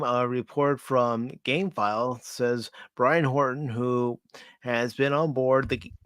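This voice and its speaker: A man's voice: mid-range voice, fairly bright tone, clear, resonant tone, no echo. A man hosting a pop culture talk show, reading news items aloud and adding wry asides. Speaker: host.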